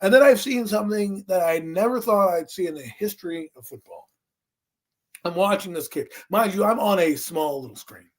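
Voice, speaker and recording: A man co-hosting a sports talk show, telling a game story with excitable swings from low muttering to loud outbursts. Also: normal speed. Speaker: co-host. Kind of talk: animated sports chat.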